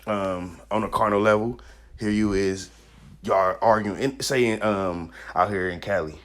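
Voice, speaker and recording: A man's voice: fairly low pitch, steady tone, unhurried, fairly bright tone. A man preaching an informal street-style sermon, loose and rambling with many fillers and restarts.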